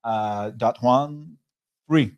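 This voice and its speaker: A man with a French accent, a software company executive giving a webinar presentation, talking in a halting way with many pauses and restarts over a video call. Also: mid-range voice, muffled recording.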